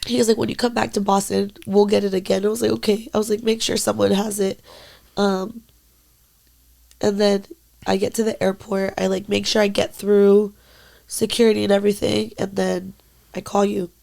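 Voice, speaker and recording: Gravelly young woman telling a candid story. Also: medium pitch, flat delivery, moderate pace, a little mellow. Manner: candid storytelling, heavy filler "like", swears freely. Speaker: podcast co-host. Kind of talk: casual chat.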